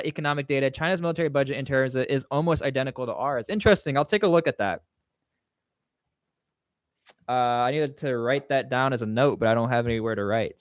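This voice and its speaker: A man's voice: mid-range voice, no echo, studio quality. A man hosting a casual livestream Q&A, reading chat questions aloud and answering in a rambling, offhand way. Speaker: livestream host.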